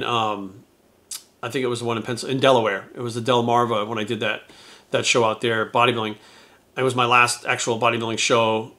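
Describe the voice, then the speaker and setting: A man's voice: mid-range voice, bright, forceful tone. A man who is a YouTuber and retired bodybuilder, telling a story to his viewers in a candid, profane, rambling way. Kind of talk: casual storytelling to camera.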